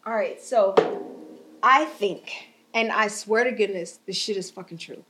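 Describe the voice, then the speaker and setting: A young woman hosting a podcast, chatting casually in an animated, rambling way, laughing often and swearing now and then. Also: medium pitch, measured pace, very noisy. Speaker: podcast host. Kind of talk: casual chat.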